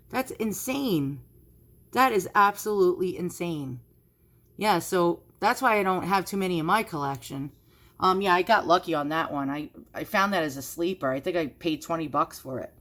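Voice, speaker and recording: A woman's voice: lowish voice, fairly bright tone. A woman with a New York accent hosting an antiques vlog, chatting casually and rambling with plenty of fillers. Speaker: antiques vlogger. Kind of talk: casual screen-share commentary.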